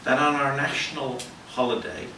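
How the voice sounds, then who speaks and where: A man's voice: mid-range voice, steady tone, normal speed, sharp tone, heavy reverb, far from the mic, a little hiss or hum, low-quality recording. A man with an Irish accent performing a self-mocking stand-up comedy set at a live venue. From Ireland. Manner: wry, self-mocking storytelling. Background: audience laughter.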